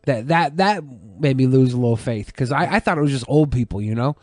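A man's voice: medium pitch, expressive, a little fast, a little mellow, dry recording. A man co-hosting a podcast, telling rambling, crude stories in casual chat. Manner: rambling storyteller, crude jokes. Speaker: podcast co-host. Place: podcast studio.

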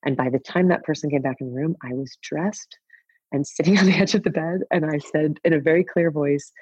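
Breathy expressive woman in her fifties. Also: low-pitched, brisk, dry recording. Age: 50s. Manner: expressive, laughs often, swears casually. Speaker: guest. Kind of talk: candid conversational storytelling. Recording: dull, dry podcast audio.

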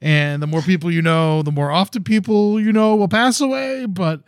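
A man's voice: sits high, normal speed, clean tone, no echo, clean studio sound. A young man co-hosting a podcast, chatting casually and ranting bluntly with plenty of swearing. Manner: blunt, profane, heated rants. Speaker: podcast co-host. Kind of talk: casual chat.

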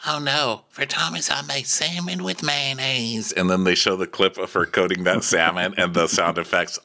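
A man co-hosting a comedic reality TV recap podcast, animated and laughing often. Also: on the low side, moderate pace, creaky. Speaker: podcast co-host.

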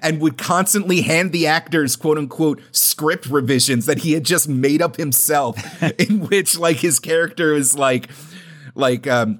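Animated male podcast co-host. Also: a little high, measured pace. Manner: animated, acts out quotes in a shouting put-on voice, laughs often. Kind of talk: casual chat.

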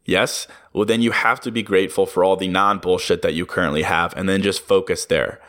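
Young guy doing a solo podcast, deep voice, swears a lot, chuckles at himself. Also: steady tone, fairly quick, fairly bright tone. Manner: candid, swears freely, laughs at himself. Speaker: podcast host. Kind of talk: casual solo podcast monologue.

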